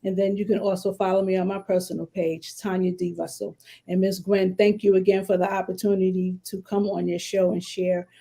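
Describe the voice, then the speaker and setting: A woman's voice: flat delivery, brisk, poor audio. A woman launching a clothing boutique, speaking in an upbeat, enthusiastic way on an online panel. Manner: upbeat, warmly enthusiastic pitch. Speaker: panel guest, boutique owner. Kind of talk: casual online panel chat.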